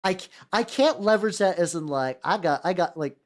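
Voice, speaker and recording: A man's voice: high voice, expressive, fairly quick. Rambling young American man painting miniatures. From United States. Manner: rambling, stammers and repeats words, laughs often, jumps between topics. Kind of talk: casual rambling chat while painting.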